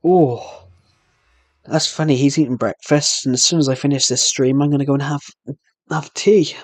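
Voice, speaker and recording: A man's voice: on the high side, fairly even intonation, normal speed, darkish tone, no echo. Chatty British man streaming a game. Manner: rambling, chatty, talks to himself while playing. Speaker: livestreamer. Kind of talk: casual gameplay livestream chat.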